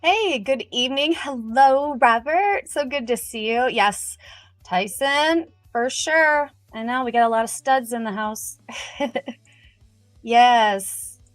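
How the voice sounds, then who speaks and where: A chatty middle-aged woman hosts a casual livestream, her voice slightly high and bright. She talks in quick, upbeat bursts with a nervous edge. The sound is dry and close, with faint music underneath. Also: no echo. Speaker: livestream host.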